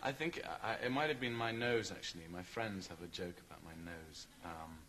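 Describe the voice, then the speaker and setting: A man's voice: low-pitched, brisk, fairly bright tone. A young man from Scotland, a guest actor on a TV chat show, talking in a modest, hesitant, self-deprecating way. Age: young adult.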